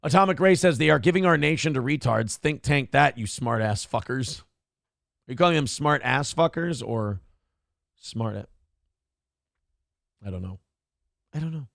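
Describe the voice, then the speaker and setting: Gravelly, lively ranting male host. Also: medium pitch, normal speed, dry recording, clean studio sound. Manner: ranting and profane; reads viewer chat aloud. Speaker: live show host. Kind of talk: livestream talk show.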